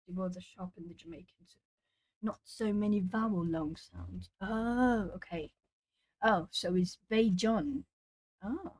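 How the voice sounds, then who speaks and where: A Brazilian woman who speaks Portuguese hosts an art stream from home, colouring while chatting casually with viewers and musing aloud. Her voice is medium-pitched with a darkish tone and a measured pace.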